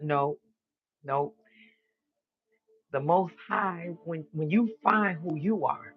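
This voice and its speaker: A man's voice: fairly high pitch, a little slow. Emphatic, preachy man on a muffled stream. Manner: emphatic, preachy, repeats declarations, swears casually. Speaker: live stream host. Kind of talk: spiritual monologue on a live stream.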